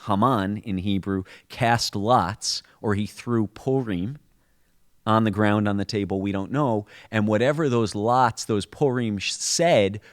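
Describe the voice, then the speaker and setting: Low-voiced man explaining at length. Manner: explanatory, storytelling with frequent restarts. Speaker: podcast co-host. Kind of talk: conversational explanation.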